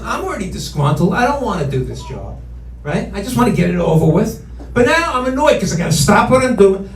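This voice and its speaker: A male stand-up comedian telling a story on a club stage, with animated, mock-outraged ranting. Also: high-pitched. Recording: roomy club sound from a distant mic, crowd laughing.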